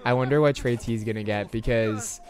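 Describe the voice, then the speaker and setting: A man hosting a let's play, giving chatty, expressive gameplay commentary straight to his viewers. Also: mid-range voice, moderate pace.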